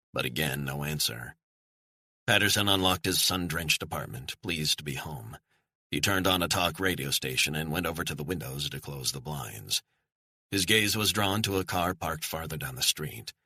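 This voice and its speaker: A man narrating a thriller audiobook in a measured, steady storytelling manner, on a close studio mic. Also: a bass voice, slightly rough, no echo.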